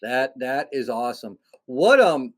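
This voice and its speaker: Male show host, enthusiastic, restarts often, animated delivery. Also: medium pitch, a little slow. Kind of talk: casual interview chat.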